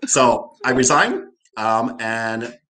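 A man's voice: mid-range voice, slow pace, sharp tone, slight background noise. An older man from Hawaii with a Hawaiian Pidgin accent, a guest telling stories in a casual interview, often repeating "right".

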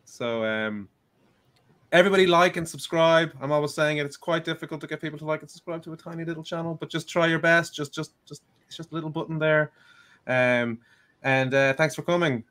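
An Irish man hosts a live stream in an easygoing, laid-back way. His voice sits a little high for a man. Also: steady tone, brisk, fairly bright tone. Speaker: livestream host. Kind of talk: casual conversation.

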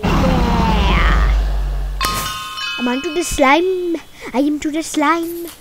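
A woman playing a video game live, excitedly talking to the creatures on screen and crying out when things go wrong. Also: sits high, extremely slow, over loud music. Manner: excitable, talks to game creatures, bursts of cries. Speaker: gamer playing a minigame server. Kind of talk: live gameplay commentary.

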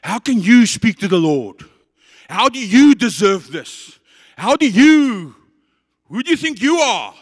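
A man's voice: very animated, a little slow, big-room sound, full character voice. A man with a South African accent voicing guilt and shame as a harsh accusing voice. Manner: harsh, accusing, high and loud.

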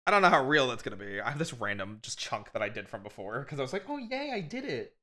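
A woman's voice: rumbling low, expressive, racing, a bit bright. A young woman hosting a casual stream, chatty, wry and teasing. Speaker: streamer host.

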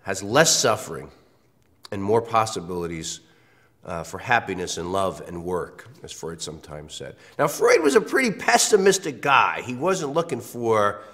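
A man's voice: fairly low pitch, wildly swooping pitch, normal speed, sharp tone. A male university lecturer with congestion from a cold, talking conversationally through a recorded course lecture and repeating key phrases for emphasis.

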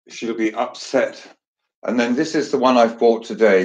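A man's voice: mid-range voice, moderate pace, darkish tone, lo-fi sound. A man hosting a casual chat, joking and chatty with theatrical asides. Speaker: host.

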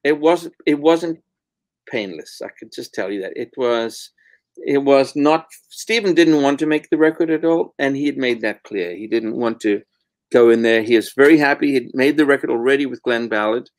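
Middle-aged man, blunt storyteller, mid-pitched voice, dry close sound. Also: normal speed, no echo. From South Africa. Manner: blunt, candid storyteller, swears freely. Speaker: guest, record producer. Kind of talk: casual interview chat.

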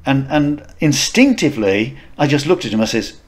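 A man's voice: mid-range voice, lively intonation, moderate pace, very noisy. A middle-aged man co-hosting a podcast, telling anecdotes casually with many restarts and laughs. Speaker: podcast co-host. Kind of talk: casual chat, storytelling.

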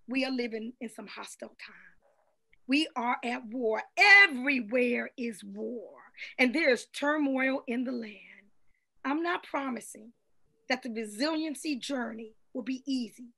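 High, bright-voiced woman preaching a sermon. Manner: rhythmic, rousing call-and-response preaching. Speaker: guest minister.

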